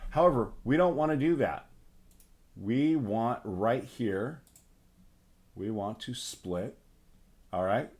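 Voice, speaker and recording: A man hosting a casual livestream music tutorial, his voice hoarse from phlegm, thinking aloud and narrating each step of his work with small restarts. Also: medium pitch, slow, long pauses, a little mellow. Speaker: livestream host.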